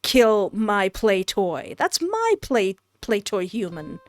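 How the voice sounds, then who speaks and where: A woman's voice: medium pitch, big pitch swings, takes it slowly. A woman voicing a pet cat as an indignant, possessive speaker, whining about a lost toy.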